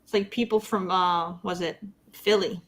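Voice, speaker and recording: A woman's voice: fairly low pitch, steady tone, moderate pace. A woman from the northern United States co-hosting a gaming show, chatting casually and giggling easily. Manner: giggly, easygoing. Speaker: co-host. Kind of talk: casual panel chat.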